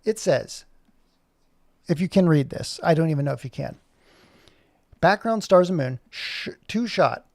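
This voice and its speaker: Male streamer, slightly high pitch, rambling and self-mocking, narrating his own fumbling at the computer. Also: expressive, unhurried, gravelly, long pauses, dry recording, studio quality. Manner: rambling, thinking aloud while fumbling with software. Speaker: animator streaming his work. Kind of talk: casual live-stream chat.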